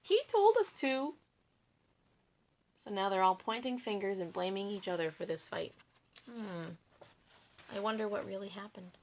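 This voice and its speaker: A woman reading a picture book aloud to children, expressive and pausing to explain. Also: medium pitch.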